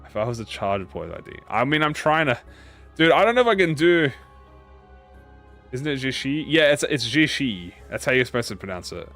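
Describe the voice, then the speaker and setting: A man streams a game and chats loosely with his viewers, cursing often and making fun of himself. His pitch swings widely, landing on a middle-height voice, while quiet music plays in the background. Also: sing-song, fairly quick. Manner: swears freely, rambling and self-mocking. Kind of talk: casual live-stream game commentary to chat.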